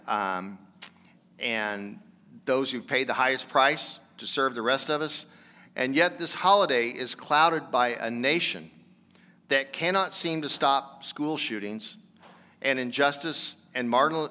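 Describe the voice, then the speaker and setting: A man's voice: mid-range voice, sharp tone. A man preaching a sermon as pastor, talking in a conversational, earnest way that builds to emphatic exhortation. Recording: long hall reverb.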